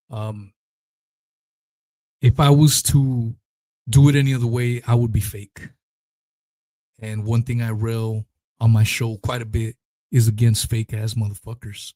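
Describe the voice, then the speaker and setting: A man's voice: medium pitch, flat delivery, unhurried, long pauses, mellow, no room sound. Guy ranting on his podcast, swears nonstop, blunt and fired up, dry sound. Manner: profane, blunt, heated. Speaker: podcast host. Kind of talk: casual ranting monologue.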